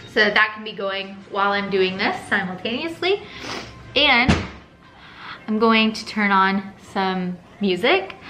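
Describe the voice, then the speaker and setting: A woman's voice: mid-range voice, low-quality recording. A young woman, a stay-at-home mom vlogging at home in her kitchen, talking in an emotional, tearful, heartfelt way. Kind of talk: casual chat.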